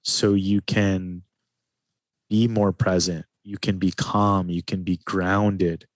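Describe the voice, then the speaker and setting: A man, a guest in an interview, speaking in a calm, reflective way and often slowing his speech down. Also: deep voice, no room sound. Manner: calm, slows his speech to stress points. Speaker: podcast guest, men's retreat facilitator.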